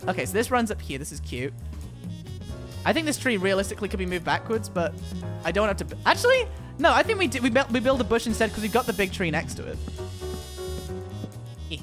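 A young man chatting while streaming a game, excitable and theatrical, with mock outrage. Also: very high voice, fairly quick, long pauses. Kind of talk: casual gaming stream chat. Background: game music.

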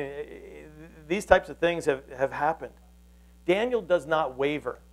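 A man's voice: on the high side, poor audio. A pastor preaching a sermon, telling a story earnestly and often restarting his sentences.

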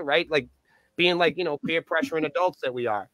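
A man's voice: a little high, quick pace, no room sound. A man who is a band's point of contact tells stories in a casual podcast interview, cursing freely and acting out the dialogue. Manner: profane, animated storyteller acting out dialogue.

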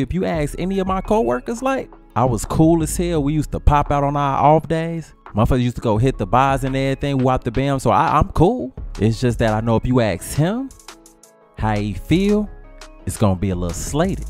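A man's voice: medium pitch, big pitch swings, fairly quick, darkish tone, soft background music. A man telling a comic story in a brash, slangy style, trading insults. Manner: brash slangy trash-talk. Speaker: comedy storyteller.

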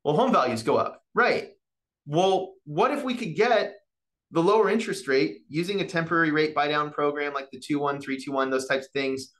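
A man giving an animated mortgage market presentation to real estate agents, often tagging his points with "right?" and acting out client conversations. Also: on the high side, a little fast. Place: office meeting or online session with chat.

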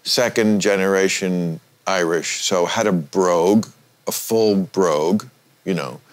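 A man's voice: deep voice, a little slow. A man hosting a podcast, chatting casually with wry, needling humor. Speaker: podcast host. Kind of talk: casual chat.

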